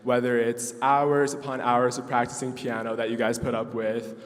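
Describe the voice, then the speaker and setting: A man's voice: mid-range voice, flat delivery, moderate pace. A young male student pianist giving an emotional thank-you speech at his recital, with many ums and nervous laughs. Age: young adult. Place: recital hall with audience. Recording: distant voice in a reverberant hall.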